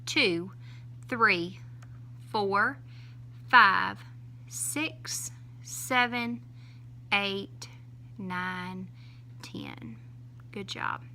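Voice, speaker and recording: A woman teacher, talking young children through a lesson in a slow, sing-song way and stretching out each syllable when she counts. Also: medium pitch, pushed and bright, slight background noise.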